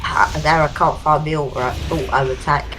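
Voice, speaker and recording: A woman's voice: deep voice, steady tone, normal speed, fairly bright tone, faint music behind, rough recording. Offhand Cockney woman gaming. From East London. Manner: brief, offhand remarks, mild swearing. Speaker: streamer's wife, co-player. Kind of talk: casual gameplay chat.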